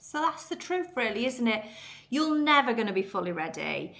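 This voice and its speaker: A woman's voice: on the high side, very animated, moderate pace, vocal fry, fairly bright tone. A woman, giving an earnest, chatty motivational talk as a podcast host. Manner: chatty, earnest, lots of fillers.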